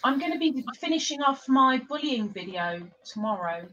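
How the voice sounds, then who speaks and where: A woman's voice: high-pitched, lively intonation, moderate pace, lo-fi sound, crowd noise. A woman hosting a casual livestream, chatting and giggling in a rambling, teasing way. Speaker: livestream host.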